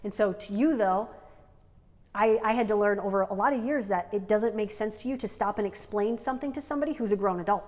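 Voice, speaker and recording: A woman's voice: mid-range voice, fast talker, darkish tone. A woman co-hosting an unscripted couple's podcast, talking in a rambling way with frequent "like" and "right?". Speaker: podcast co-host. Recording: long reverb.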